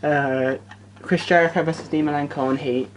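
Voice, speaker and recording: Woman w a really deep voice chatting, sweary n excitable, faint hiss. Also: moderate pace. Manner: sweary, excitable, lists things off. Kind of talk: casual chat.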